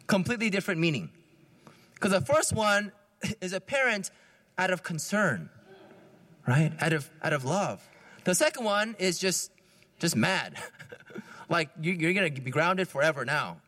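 Priest giving a chatty homily, high and bright voice, long church echo. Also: male voice, a little slow, long pauses. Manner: conversational, lively, often laughing.

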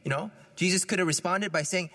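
Priest giving a chatty homily, high and bright voice, long church echo. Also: male voice, a little fast. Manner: conversational, lively, often laughing.

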